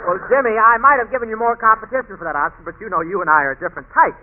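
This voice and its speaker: Wisecracking man hosting old radio comedy. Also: high voice. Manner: quick wisecracking, self-mocking. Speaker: comedian host. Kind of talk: 1940s radio comedy banter. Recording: tinny hissy 1940s radio broadcast.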